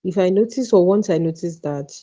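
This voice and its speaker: A woman hosting a podcast, giving brief reactions and measured remarks. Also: fairly low pitch, mellow, highs cut off. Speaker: podcast host. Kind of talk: casual conversation.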